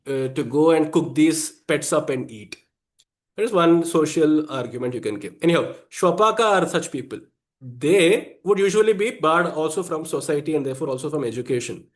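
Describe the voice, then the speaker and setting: A man teaching the meaning of a Sanskrit hymn, rephrasing each point and mixing in Sanskrit words. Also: on the high side. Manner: explanatory, repeats and rephrases, Sanskrit terms mixed in. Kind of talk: explaining a devotional hymn.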